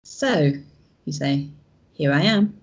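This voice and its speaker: Husky woman narrating a text game. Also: sits low, expressive. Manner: dramatic, measured narration. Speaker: host. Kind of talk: reading a text game aloud.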